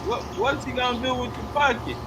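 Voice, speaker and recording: A man's voice: very high voice, steady tone, fairly quick, background noise. A man doing loose, profane live commentary, heckling and laughing in heavy slang. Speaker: livestream commentator. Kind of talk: crude casual live commentary.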